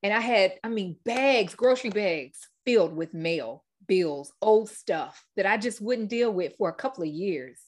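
A woman's voice: mid-range voice, lively intonation, measured pace, few pauses. A woman hosting a faith-based podcast, telling her story with heartfelt repetition and fillers. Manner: heartfelt testimony, repeats words, fillers. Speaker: podcast host.

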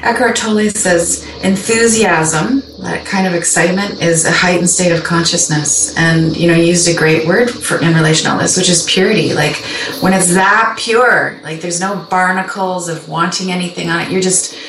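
A woman's voice: lowish voice, fairly even intonation, moderate pace. Woman host asking upbeat questions, kinda far off the mic, echoey room. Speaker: podcast host. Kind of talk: interview conversation. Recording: roomy, distant mic, faint background noise.

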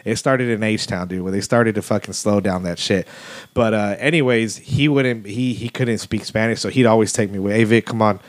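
A low-voiced man from Houston telling stories on a casual podcast. His delivery is laid-back and loose, full of fillers, and he swears freely. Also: moderate pace. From Houston, Texas. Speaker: podcast host. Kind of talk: casual storytelling chat.

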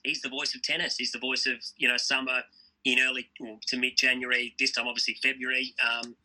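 Aussie commentator guy on an interview, keen and rambling, really bright sharp tone with a husky edge. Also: medium pitch, low-quality recording. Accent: Australian. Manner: enthusiastic, fast storytelling with repeated restarts. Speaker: tennis commentator guest. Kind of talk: casual interview chat.

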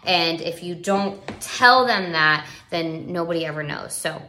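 A woman's voice: fairly low pitch, a little slow, pushed and bright. A young woman talking earnestly about parenting in a rambling, casual way, full of fillers and restarts. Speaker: parenting vlogger. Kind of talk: casual live video chat. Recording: roomy echo.

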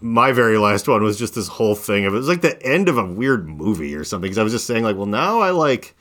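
Male podcast host, 30s, lowish voice, loose rambling storyteller full of fillers. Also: expressive, quick pace, fairly bright tone. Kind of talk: casual chat.

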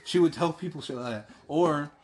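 A man's voice: a little high, brisk. A young man from the American South with a Southern accent, co-hosting a casual chat, rambling with restarts and casual swearing. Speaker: podcast co-host.

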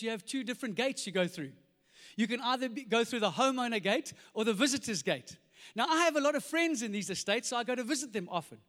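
High-voiced pastor, echoing hall. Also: male voice. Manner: energetic, jokey, acts out voices. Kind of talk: sermon with comic storytelling. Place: large church hall. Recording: reverberant church hall.

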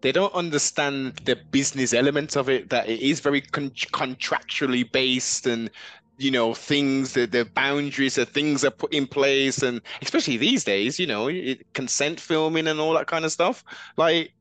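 A man hosting a casual interview, speaking haltingly with repeated words and somewhat formal phrasing. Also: medium pitch, a bit bright, no echo. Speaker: podcast host.

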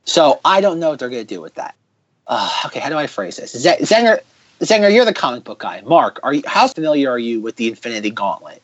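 A man hosting a podcast in casual chat, ranting sarcastically in quick bursts. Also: medium pitch, big pitch swings, dry recording, highs cut off. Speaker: podcast host.

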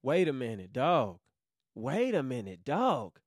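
Podcast host, young Georgia man, hyped slangy Bible talk, lively swinging pitch, close dry mic. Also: slow, no room sound. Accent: Southern US, Georgia. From Savannah, Georgia. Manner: hyped, slangy, bursts into loud exclamations. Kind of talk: excited casual Bible teaching.

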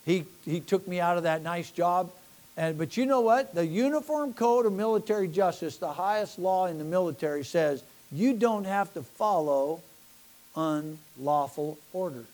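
A middle-aged American pastor preaches a sermon straight to his congregation, his fervor climbing until he is nearly shouting. He has a high voice with lively intonation and a moderate pace.

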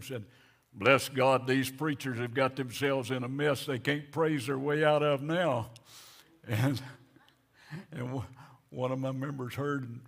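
Animated preacher telling a story. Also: male voice, on the high side. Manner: animated storyteller, acts out quoted voices, repeats words. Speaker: pastor. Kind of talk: sermon storytelling.

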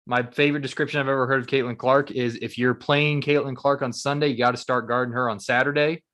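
A man's voice: medium pitch, little pitch movement, fast, a bit bright. A young man co-hosting a sports podcast, chatting casually and laughing as he reads off stats. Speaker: podcast co-host.

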